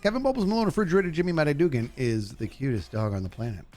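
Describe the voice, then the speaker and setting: A man rattles off very fast, goofy commentary while streaming a game, with soft music in the background. He talks to his chat throughout, and excitement sends his voice soaring.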